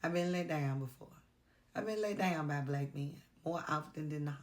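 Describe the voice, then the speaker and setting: A woman vlogger speaking earnestly to her camera in a heartfelt, confessional way, pausing often. She sounds tired and worn out. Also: deep voice. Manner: earnest, confessional, with pauses and fillers. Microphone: camera mic.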